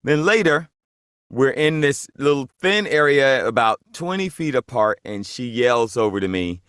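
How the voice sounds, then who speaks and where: A man's voice: mid-range voice, normal speed, clear, resonant tone, no room sound, studio quality. A comedian telling a funny story about his own life, acting out the people in it. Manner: lively storytelling, acts out the people he quotes. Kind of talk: animated anecdote.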